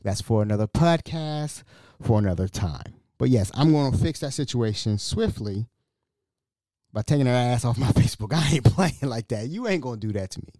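A man hosting his own podcast, telling a story in a blunt, slangy, animated way. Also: mid-range voice, moderate pace, no room sound, clean studio sound. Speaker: podcast host. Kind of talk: solo podcast monologue.

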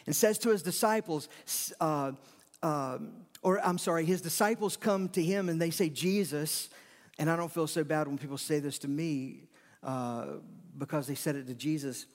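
A man's voice: a little high, normal speed. A middle-aged man preaching a sermon, conversational, with emphatic repetitions and sudden rises in energy. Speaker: pastor. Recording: long reverb of a large hall.

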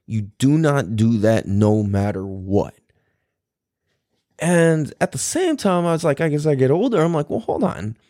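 A man hosting a podcast, telling a personal story in a rambling, profane way and acting out quotes with sudden high pitch jumps. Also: animated, measured pace, dark tone, no room sound, studio quality. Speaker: podcast host. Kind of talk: casual storytelling monologue.

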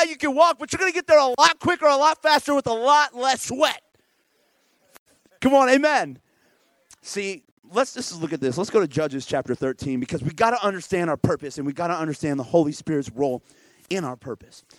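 A male pastor preaching a lively, conversational sermon who often checks in with the congregation. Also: very high voice, dry recording.

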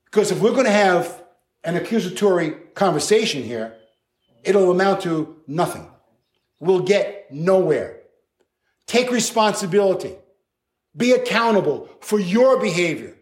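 A male pastor preaching a sermon in an animated, conversational way, with playful acted asides. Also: sits high, moderate pace.

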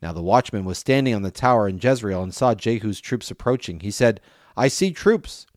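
A man with a somewhat low voice reads a Bible passage aloud in an even, steady way. The sound is close and dry, with no room around it. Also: brisk, no echo. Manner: steady reading, lifts voice for quoted speech. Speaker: scripture reader.

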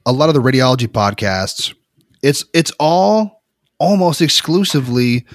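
An animated man tells work stories on a casual podcast, acting out what people said and breaking into loud laughs. His pitch swings widely as he talks. The recording is dry and close, with no room sound. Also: normal speed, no room sound. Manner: animated storyteller, laughs loudly, acts out quotes. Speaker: podcast co-host, X-ray tech.

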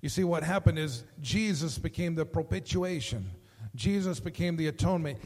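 High-voiced pastor preaching in a hall. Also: male voice. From Texas. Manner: animated storytelling, acts out voices, repeats words when starting sentences. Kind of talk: sermon.

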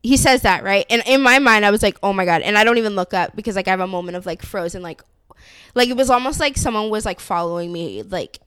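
A woman's voice: medium pitch, fast talker, a bit bright, smooth, dry recording. A woman casually telling a profane story on a podcast, acting out the people in it.

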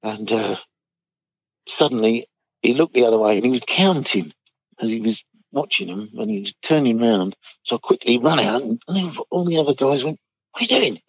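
A man's voice: mid-range voice, animated, moderate pace, slightly rough, no echo. Chuckling older man telling army yarns. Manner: chuckles often, acts out quoted voices. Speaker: army veteran telling stories. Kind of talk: casual storytelling chat. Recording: dull dry recording.

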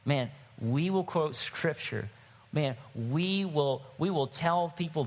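A man preaching a sermon to his church, shifting from wry, conversational storytelling to emphatic, rising exhortation. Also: slow. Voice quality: bald-headed man, higher-pitched voice. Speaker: pastor.

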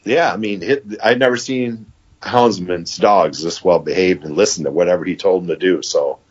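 Man, 50s, husky, low-pitched, rambling casual storyteller, dull lo-fi recording. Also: moderate pace. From Michigan. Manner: rambling, quotes others with "he goes". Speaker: podcast guest.

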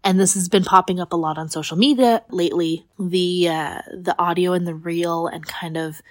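Stuffy-nosed lady podcaster, kinda low voice, dry sound, rambly and candid. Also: steady tone, moderate pace, no room sound. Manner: candid, rambling with fillers and restarts. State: congested, groggy from a cold. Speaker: podcast host. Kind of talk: casual podcast monologue. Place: echoey home office.

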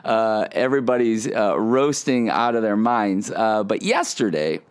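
A man with a fairly low voice hosts a casual devotional podcast. He sounds earnest and reflective, talking to listeners in a loose, conversational way from his front porch. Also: expressive, unhurried, smooth. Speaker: podcast host.

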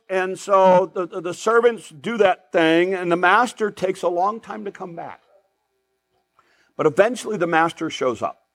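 A man's voice: sits high, a bit bright. A man preaching a sermon in a conversational way, full of asides and tangents.

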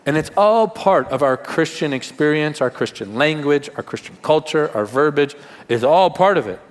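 A man's voice: fairly high pitch, expressive, moderate pace, big-room sound. A male pastor giving a sermon in a conversational way, with rhetorical questions and humor.

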